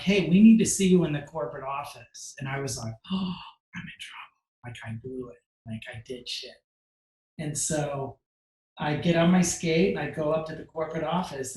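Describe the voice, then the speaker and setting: An American man with a fairly high voice tells a long personal story, fast and emotional, acting out other people's lines and dropping to a whisper for his inner thoughts. He uses lots of "like" fillers. The recording is low quality, in an echoey room.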